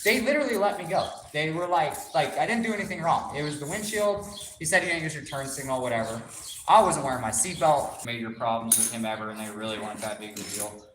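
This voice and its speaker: A man's voice: on the high side, quick pace. A man telling a rambling, profane story in casual talk, acting out other people's lines as he goes. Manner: animated, swears a lot, acts out others' lines. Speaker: shop vlogger telling a story. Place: car workshop. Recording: echoey room with faint noise.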